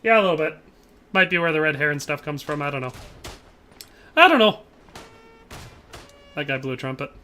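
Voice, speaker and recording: A man's voice: fairly high pitch, racing, sharp tone, a little hiss or hum. A young man streaming a shooter game, chatting casually and joking with chat as he plays. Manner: chatty, jokey, tries mock Irish accents. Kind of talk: casual live-stream commentary.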